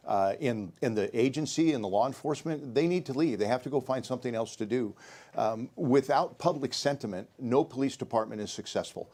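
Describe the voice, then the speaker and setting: A man's voice: medium pitch, darkish tone. A middle-aged sheriff candidate speaks earnestly in a debate, stacking points one after another. He restarts and repeats words as he goes, his voice in an ordinary middle male range. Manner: earnest, repetitive, lists points. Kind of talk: debate answer.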